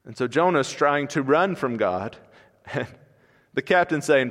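A male pastor gives an expository sermon in a church sanctuary, speaking conversationally, telling stories, and acting out asides. His medium-pitched voice is animated and fairly bright, delivered at a measured pace, with long reverb from the large hall.

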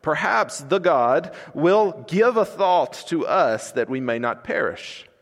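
A man's voice: a little high, very animated, takes it slowly, pitched below the performer's own voice, exaggerated voice. A male preacher voicing an alarmed ship captain who urgently scolds and commands. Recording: long reverb in a large hall.

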